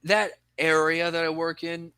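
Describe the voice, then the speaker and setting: Casting: young man, bright tone, rambling profane storyteller on a podcast, dry recording. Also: on the high side, flat delivery, unhurried, clean tone, no echo. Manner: rambling storytelling, heavy swearing. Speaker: podcast co-host. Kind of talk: casual chat.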